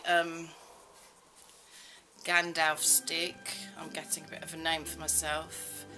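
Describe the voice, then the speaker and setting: Low-voiced woman rambling over music. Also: rough recording. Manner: rambling, self-mocking, many fillers. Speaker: vlogger. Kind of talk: casual chat.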